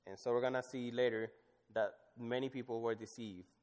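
A man's voice: mid-range voice, steady tone, fairly quick. Man preaching in a reverberant hall. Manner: swings from loud emphatic scripture reading to soft, hushed asides. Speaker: pastor. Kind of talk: sermon.

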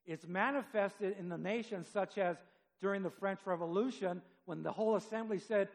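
Guy preaching a sermon, kinda high voice with gravelly fry, long echo like a big church hall. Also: moderate pace. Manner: conversational, reads scripture aloud, rises for emphasis.

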